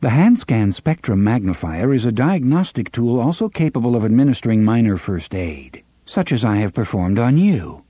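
A man's voice: medium pitch, sing-song, moderate pace, few pauses, dark tone, breathy edge, dry recording, clean studio sound. A man voicing a smug male train computer with a drawling, complacent manner.

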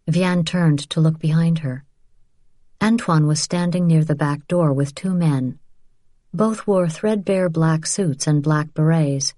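A woman reading an audiobook in a calm, even narrating voice. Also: low-pitched, slow pace, no room sound, clean studio sound.

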